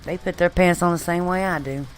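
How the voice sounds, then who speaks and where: A woman's voice: lowish voice, fairly even intonation, a little fast, slight background noise, low-quality recording. A woman chatting casually on a live show, telling stories in a loose and profane way. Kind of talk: casual chat.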